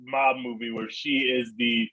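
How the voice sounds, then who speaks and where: Man, co-host, husky voice, playful over-the-top delivery. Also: mid-range voice, little pitch movement, unhurried, pushed and bright, muffled recording. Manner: playfully dramatic. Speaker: podcast co-host. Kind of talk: casual chat.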